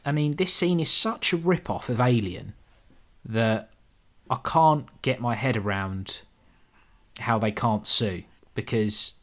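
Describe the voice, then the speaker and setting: A man's voice: mid-range voice, lively intonation, takes it slowly, fairly bright tone. Guy on a podcast mocking a film plot, swears a lot, keeps laughing. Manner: sardonic, swears, laughs while recapping. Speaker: podcast co-host. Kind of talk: casual film-review chat.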